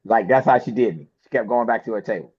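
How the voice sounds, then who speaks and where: Animated male storyteller, lo-fi sound. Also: on the low side, quick pace, breathy edge. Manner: lively storyteller who acts out quoted dialogue. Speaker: interview guest, film producer. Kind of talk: animated storytelling in a podcast interview.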